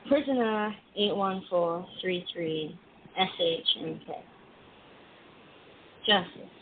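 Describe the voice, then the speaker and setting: A woman voicing an aging male prison guard, phone line. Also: lowish voice. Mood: somber. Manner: slow measured poetry recitation. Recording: tinny phone line, faint hiss.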